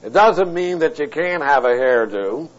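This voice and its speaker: A high-pitched middle-aged male preacher works through a verse word by word, tossing in wry, blunt asides. The audio is muffled and lo-fi, like an old tape of a sermon. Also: lively intonation, a little slow. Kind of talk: expository sermon. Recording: dull lo-fi tape recording.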